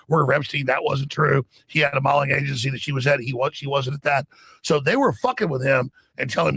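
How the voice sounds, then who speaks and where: A middle-aged American man telling a story in an urgent, breathless rush, as a podcast guest, with a gravelly, husky voice. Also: a little high, fairly quick, no echo. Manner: urgent, breathless storytelling with shouted acted quotes. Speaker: radio host guest. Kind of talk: excited podcast guest talk.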